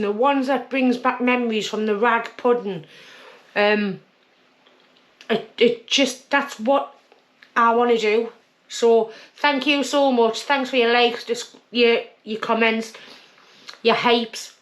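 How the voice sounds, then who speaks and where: A woman's voice: a little high, fairly even intonation, unhurried, fairly bright tone. Chatty woman, cooking vlog. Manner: chatty, homely, eats while talking. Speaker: cooking channel host.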